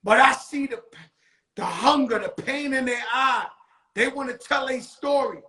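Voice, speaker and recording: A man hosting a talk show, telling stories in a loose, profane street-talk style that slows into motivational preaching. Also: very high voice, bright, forceful tone. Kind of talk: casual storytelling monologue. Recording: echoey room.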